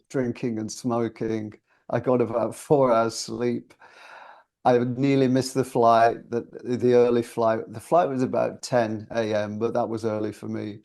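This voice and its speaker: A man's voice: medium pitch, gravelly, darkish tone. A man in his sixties from the UK, a singer guest telling stories in a chatty, reflective and self-deprecating way. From United Kingdom. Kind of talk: casual interview storytelling.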